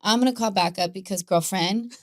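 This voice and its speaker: A woman speaks as a podcast guest, chatting in a lively, storytelling way about her day-to-day life. Her pitch sits in the middle range for a woman. The sound is dry and close, with no room echo. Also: fairly quick. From Mexican-American family. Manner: chatty, animated storytelling with laughter. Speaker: guest, Pilates instructor. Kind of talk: casual podcast conversation.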